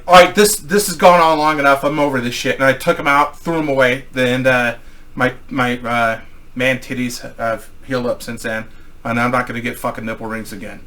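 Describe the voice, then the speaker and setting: Profane, bright-voiced man telling a tale. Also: a little high. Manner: profane, rambling, animated storytelling with acted quotes. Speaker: storyteller. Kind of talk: crude casual anecdote.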